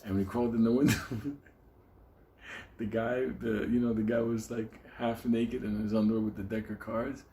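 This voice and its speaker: A man's voice: on the low side, little pitch movement, moderate pace, mellow, slight background noise. Man telling a profane, rambling anecdote. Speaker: storyteller. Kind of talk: casual anecdote.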